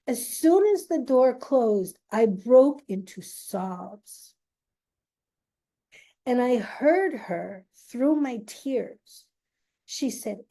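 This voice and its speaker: A woman telling an emotional personal story, speaking haltingly with long pauses and emphasis. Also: on the high side, expressive, mellow.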